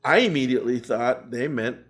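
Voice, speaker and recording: A man's voice: mid-range voice, fairly quick, a bit bright, husky. An older man, a musician guest in an interview, animatedly telling a story and acting out the voices of the people in it.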